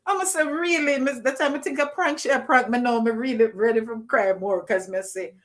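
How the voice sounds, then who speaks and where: A Jamaican woman spins an animated story from her school days and slips freely into Jamaican Creole. Her voice sits fairly high and stays lively throughout. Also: brisk. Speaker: guest teacher. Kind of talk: storytelling on a livestream.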